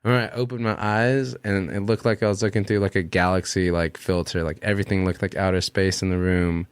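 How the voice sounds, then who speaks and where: A man's voice: deep voice, little pitch movement, quick pace, smooth, dry recording. Laid-back man telling a rambling story. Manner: rambling, heavy on fillers and swearing. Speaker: musician guest. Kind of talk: casual storytelling.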